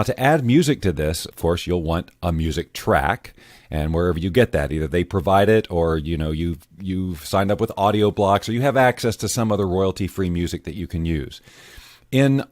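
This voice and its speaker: Guy with a deep voice doing a laid-back software tutorial, dry close sound, lots of ums. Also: dry recording. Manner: relaxed, rambling explanations with fillers. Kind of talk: casual screen-recorded software tutorial. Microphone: headphones on, studio-style mic.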